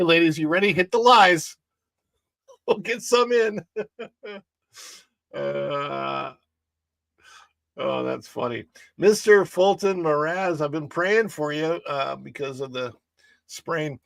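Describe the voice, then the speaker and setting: A man's voice: on the high side, gravelly, a bit bright, no echo. A chatty man with a St. hosting a livestream, greeting viewers by name and laughing at his own jokes. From St. Louis, Missouri. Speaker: livestream host. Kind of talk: casual chat.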